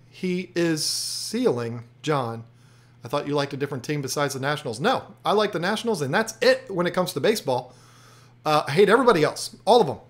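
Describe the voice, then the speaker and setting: A man hosts a live aquarium stream, talking in a loose, rambling way and cracking jokes as he answers his viewers. His voice sits a touch on the high side for a man. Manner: rambling, joking, chatty, reads comments aloud. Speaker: aquarium channel host doing a live stream. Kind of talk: casual live-stream chat reading viewer comments.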